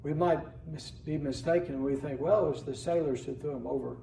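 Pastor, male, earnest sermon delivery, slightly raised pitch, heard from afar in an echoing church. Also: brisk, creaky, dark tone, a little hiss or hum. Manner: earnest preaching, reads scripture aloud with rising emphasis. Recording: echoey room, voice from a distance.

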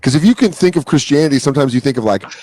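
A man's voice: on the high side, very fast, no echo, rough recording. A man telling stories in casual podcast chat, acting out other people's voices and swearing freely. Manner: animated storyteller, acts out voices, swears freely. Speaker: podcast host.

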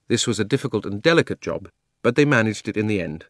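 A man narrating a children's audiobook with measured storytelling. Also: fairly low pitch, animated, no room sound, clean studio sound. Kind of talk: scripted narration.

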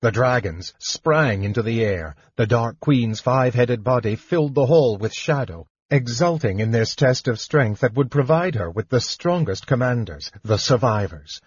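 A man with a husky voice narrating a fantasy audiobook in a measured, even manner. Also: medium pitch, no echo, muffled recording.

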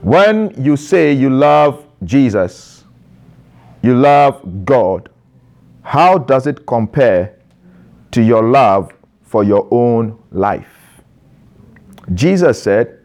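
A man's voice: mid-range voice, animated, a little mellow. Emphatic male preacher. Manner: emphatic, with repetition and drawn-out stressed phrases; addresses a young audience directly with questions. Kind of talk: sermon.

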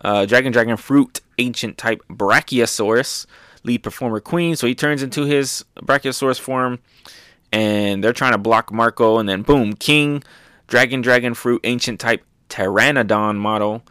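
A young man casually recapping manga chapters, excited and loose, with lots of fillers. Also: medium pitch, normal speed, clean tone, dry recording, clean studio sound. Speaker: manga reviewer.

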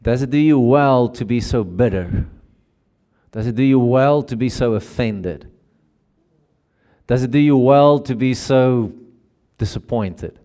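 A man voicing God as a calm figure who asks gentle, probing questions. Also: mid-range voice, measured pace, long pauses, close to an everyday voice. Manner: soft, searching questions.

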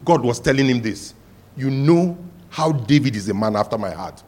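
A man preaching a sermon as pastor, telling stories and rising to loud cries. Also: mid-range voice, animated, normal speed, husky.

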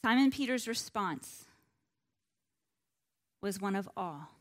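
A woman giving a Bible lesson in an easygoing, conversational way. She talks informally, with frequent asides and checks with her listeners. Her voice sits at an ordinary middle pitch for a woman. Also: lively intonation, takes it slowly. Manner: chatty, with many "like" and "you know" asides. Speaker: Bible teacher.

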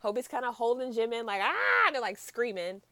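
A woman's voice: on the high side, steady tone, fairly quick, no echo. A woman casually recapping a show with friends, chatty and giggly, using many "like" fillers. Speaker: podcast co-host.

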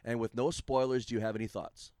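A man in his forties hosting a casual podcast chat, animated and quick to laugh. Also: mid-range voice, no echo. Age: 40s. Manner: laughs often, animated storytelling. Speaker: podcast host.

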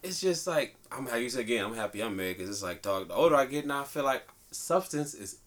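Casual podcast co-host, man in his thirties, lively swooping pitch, laughs a lot. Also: quick pace. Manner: animated, laughs often, slangy storytelling. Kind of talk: casual banter.

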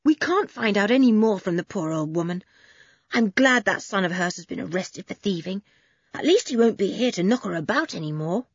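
A woman reading aloud, voicing a bold, tomboyish girl who speaks briskly and eagerly. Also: mid-range voice, animated, breathy edge, no echo, highs cut off.

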